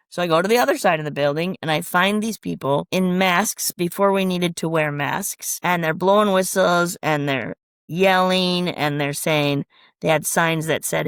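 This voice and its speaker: A woman from Minnesota, a transformation coach, telling lively stories in an interview and acting out what people said. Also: on the low side, moderate pace, clean tone, no room sound, clean studio sound. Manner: animated storyteller acting out quoted voices. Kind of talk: storytelling interview answers.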